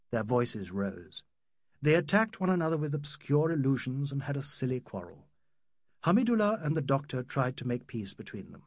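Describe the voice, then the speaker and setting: Husky-voiced man narrating an audiobook. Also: medium pitch, sing-song, moderate pace, dry recording, clean studio sound. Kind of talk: audiobook narration of a classic novel.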